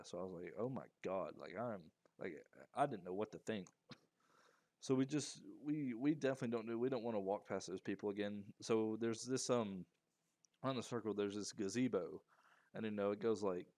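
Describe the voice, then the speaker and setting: Low-voiced young man rambling a story. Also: a little mellow, no echo. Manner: rambling, many fillers and restarts. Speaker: storyteller vlogger. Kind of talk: casual storytime monologue.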